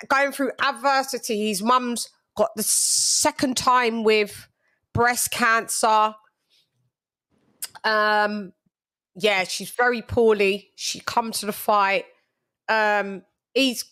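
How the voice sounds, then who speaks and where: A chatty woman hosts a podcast in loose, blunt, gossipy talk. She laughs often and stumbles over repeated words. Her voice sits at a middle pitch. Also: fairly bright tone. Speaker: boxing podcast host. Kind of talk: casual chat.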